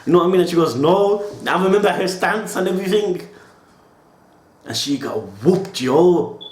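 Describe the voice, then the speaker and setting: Man, slightly high voice, impassioned slangy reaction host, echoey room. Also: lively intonation, normal speed. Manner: impassioned, slangy, keeps tagging lines with "yo". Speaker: anime reaction channel host. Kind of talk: emotional reaction monologue. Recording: roomy echo.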